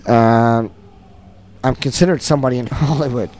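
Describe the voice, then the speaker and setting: A man's voice: medium pitch, fairly even intonation, a little fast, mellow. A middle-aged man, a concert producer, talking earnestly and repetitively in a festival interview.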